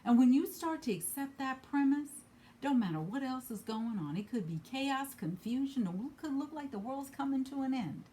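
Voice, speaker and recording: A woman giving a spiritual card reading, earnest and emphatic, who repeats her key phrases and moves between bursts of emphasis and soft asides. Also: sits high, lively intonation, normal speed, a little hiss or hum. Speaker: card reader.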